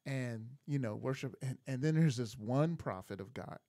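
A man's voice: mid-range voice, normal speed, no room sound, studio quality. A man co-hosting a casual sermon recap chat, telling stories with animation and sometimes groping for words. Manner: animated storyteller who gropes for words. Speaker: podcast co-host.

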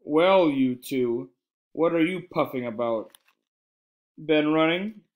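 Man playing a strict teacher lady, slow and pointed. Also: on the high side, highs cut off. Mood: stern. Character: strict female schoolteacher.

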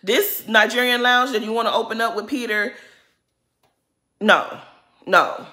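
Female vlogger, sassy and blunt, bright and forceful tone, recap style. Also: a little high, measured pace. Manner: sassy, blunt, addresses viewers as girl. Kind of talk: casual recap commentary.

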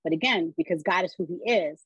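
Woman podcast guest, storyteller who acts out quotes, husky voice, dull lo-fi sound. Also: lowish voice, a little fast, no room sound. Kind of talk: personal storytelling.

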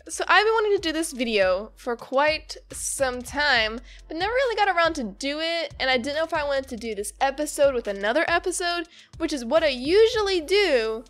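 A woman's voice: sits high, fairly bright tone. A woman hosting her own channel in casual vlog chat, bubbly and gushing as she reacts to a webcomic, with giggles and restarts. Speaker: YouTuber host.

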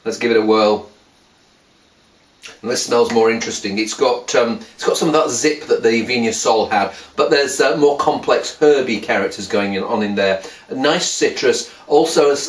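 A man's voice: medium pitch, recorded from a distance. Chatty man reviewing wines, roomy sound. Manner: chatty, wry, full of restarts and asides. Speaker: wine reviewer. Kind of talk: casual wine tasting video. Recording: roomy sound, voice a bit off mic.

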